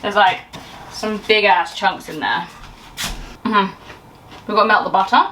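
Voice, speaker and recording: A woman's voice: medium pitch, measured pace, bright, forceful tone, a little hiss or hum, rough recording. A young woman in her twenties chatting in a rambling, self-interrupting way while baking in her home kitchen. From England. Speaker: lifestyle YouTuber. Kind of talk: casual baking vlog chat. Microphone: camera on the side.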